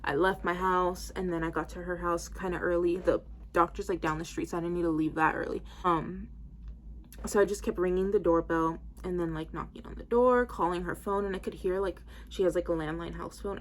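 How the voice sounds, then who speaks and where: Twenties woman, lowish voice, casual rambling vlogger, filler-heavy, styling her hair as she talks. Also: steady tone, a little fast, slight background noise. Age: 20s. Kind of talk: casual storytelling to camera.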